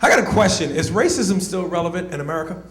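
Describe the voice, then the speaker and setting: A man performing a loud, brash stand-up comedy set on a club stage, breaking into shouted sound effects. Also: high voice, animated, fast talker, soft background music. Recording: roomy live club sound with audience noise.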